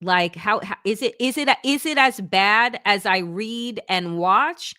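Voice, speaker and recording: A woman's voice: medium pitch, a little slow, sharp tone, no echo, clean studio sound. A woman hosting a political talk show, speaking bluntly and emphatically, with some profanity. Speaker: host. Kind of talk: political commentary chat.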